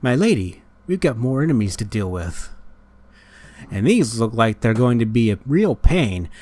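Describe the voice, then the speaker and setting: A man voicing an eager, chirpy young female servant sidekick in a video game, calling out loudly and cheerfully. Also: medium pitch, big pitch swings, moderate pace. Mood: bubbly. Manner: chirpy and loud, squealing with glee.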